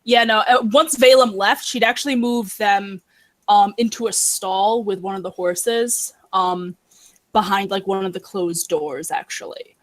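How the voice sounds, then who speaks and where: A woman's voice: medium pitch, measured pace. Hesitant woman player in a tabletop game.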